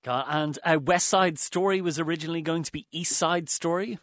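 A man's voice: on the high side, fairly quick, fairly bright tone, no echo, clean studio sound. A man hosting a radio interview who asks the guest brief, prompting questions.

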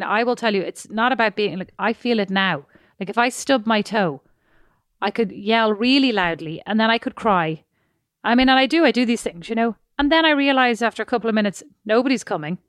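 A woman, co-hosting a podcast and telling rambling, expressive stories in casual chat. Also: mid-range voice, dry recording, studio quality. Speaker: podcast co-host.

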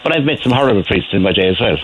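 An older man with a Cork accent, calling in to a radio show and telling stories in a rambling, animated way with many restarts. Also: lowish voice, very fast, slight background noise, low-quality recording. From Ireland. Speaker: caller. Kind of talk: phone-in chat.

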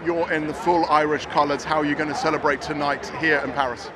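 A man working as a reporter, putting brisk, upbeat questions to people in field interviews on location. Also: fairly high pitch, steady tone, background noise. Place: on location in the street and at events.

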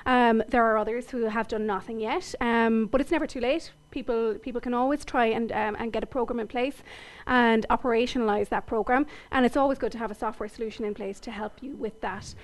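A woman's voice: on the high side, steady tone, fairly quick. An Irish woman interviewed on the radio about her tech company, upbeat and confident. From Ireland. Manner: upbeat, confident business talk.

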